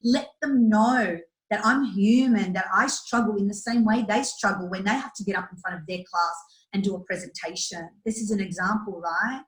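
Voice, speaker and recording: A woman talking as an interview guest about coaching children, earnest and animated, speaking bluntly with mild swearing. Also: medium pitch, normal speed. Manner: earnest, animated, acts out quotes. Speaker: guest, youth empowerment and kids' yoga coach. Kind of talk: casual interview talk. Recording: roomy echo.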